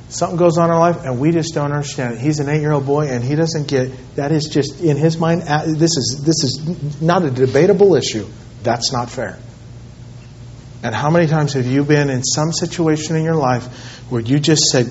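A pastor in his thirties preaching a sermon, swinging between loud, emphatic pleading and low, hushed tones. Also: moderate pace, a little hiss or hum. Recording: muffled lo-fi sermon recording.

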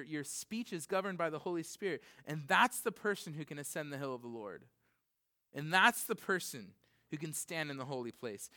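Guy preaching in church, kinda high bright voice, lots of like and you know. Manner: rambling, full of "like" and "you know"; acts out quick asides in other voices. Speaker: pastor. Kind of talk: conversational sermon. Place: church, in front of a congregation. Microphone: recorded for CD and computer.

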